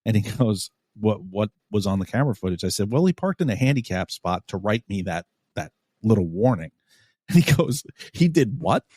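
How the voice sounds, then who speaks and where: A man hosting a podcast, telling a story in a casual, animated, profane way and acting out what people said. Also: lowish voice, brisk, no echo, studio quality. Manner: animated, profane, acts out quotes. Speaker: podcast host.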